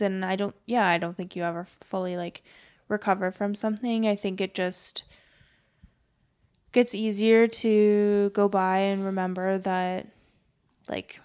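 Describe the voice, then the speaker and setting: A young woman talking in a casual podcast conversation, soft-spoken and hesitant, with lots of fillers. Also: mid-range voice, steady tone, measured pace, clean tone. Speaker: podcast guest.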